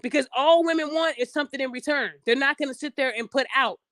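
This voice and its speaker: High-voiced blunt woman podcast host. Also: quick pace, fairly bright tone, no echo, studio quality. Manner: blunt, preachy, addresses listeners directly, acts out quoted voices. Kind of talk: opinionated podcast monologue.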